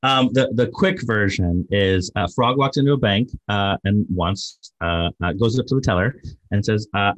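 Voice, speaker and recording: A man's voice: on the low side, normal speed, no room sound, poor audio. A man talking as a guest on a podcast, easygoing, with lots of fillers, who likes telling jokes. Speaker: guest, digital marketing agency owner. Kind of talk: casual podcast interview.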